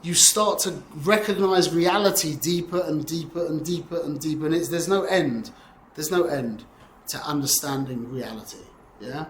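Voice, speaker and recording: In a roomy recording with slight hiss or hum, a fortysomething man with a higher-pitched voice gives a casual Torah lesson. His delivery is loose and chatty, punctuated by frequent "yeah?" check-ins.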